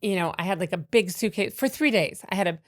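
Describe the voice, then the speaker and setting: A woman comedian telling animated stories with many fillers and restarts in a podcast interview. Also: mid-range voice, fast, dry recording, clean studio sound. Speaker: comedian guest.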